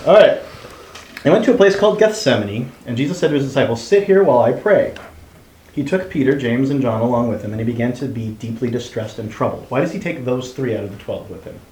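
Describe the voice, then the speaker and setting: A man's voice: medium pitch, lively intonation, quick pace, darkish tone. Discussion leader, male, reads the text aloud and quizzes the group; roomy sound with faint hiss. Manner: reads passages aloud and asks the group questions. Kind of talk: group Bible study discussion.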